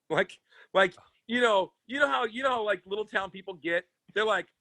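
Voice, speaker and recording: Comedian guest, male; high, bright, very dry voice; rambling, profane, acts out the characters in his stories. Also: moderate pace, dry recording. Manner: animated, profane storyteller acting out other people's voices. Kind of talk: casual storytelling chat. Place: podcast studio.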